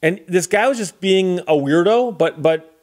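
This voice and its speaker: A man from the Detroit area, hosting his own channel, tells a casual anecdote with animated delivery and acts out the dialogue. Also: sits high, unhurried. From Detroit area, Michigan. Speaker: channel host.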